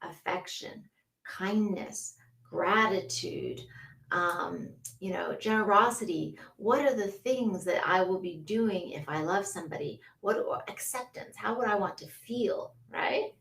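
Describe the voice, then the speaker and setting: A woman hosting a casual livestream, chatty and quick to laugh, who greets viewers by name. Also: mid-range voice, vocal fry, fairly bright tone, recorded from a distance. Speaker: livestream host. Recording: roomy echo, a bit off-mic.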